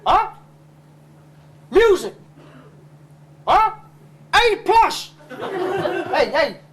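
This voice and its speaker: Man doing a shrill bullying dad. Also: sing-song, drawn-out words, full character voice. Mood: scolding. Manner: scolding, bullying, repeats "huh?" constantly. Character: stern shouting Samoan father, village chief. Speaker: comic stage actor. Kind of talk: live comedy skit.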